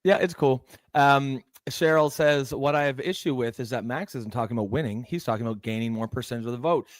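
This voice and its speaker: A man's voice: mid-range voice, brisk, dry recording. Hesitant man reading chat comments. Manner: hesitant, filler-heavy, reads viewer comments. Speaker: livestream co-host. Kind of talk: casual political chat.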